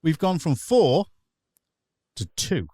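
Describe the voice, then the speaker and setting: A man's voice: fairly high pitch, big pitch swings, slow pace, mellow, no room sound, studio quality. A man hosting a casual satirical chat show, ranting and sarcastic and laughing often. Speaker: pub landlord host. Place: online show.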